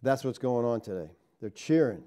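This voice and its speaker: Animated preacher man with lively pitch. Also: moderate pace. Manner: animated preaching with rhetorical questions to the congregation; swings between loud emphatic lines and low asides. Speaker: pastor. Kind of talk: sermon.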